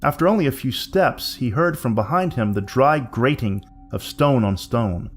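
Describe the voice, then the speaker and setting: A man narrating a scripted horror story in a measured, suspense-building way. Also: medium pitch, expressive, slightly rough.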